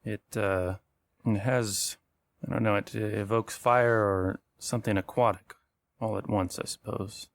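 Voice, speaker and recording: Low-voiced man as game master. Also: unhurried, no room sound. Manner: relaxed, laughs often. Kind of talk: narrating a tabletop game.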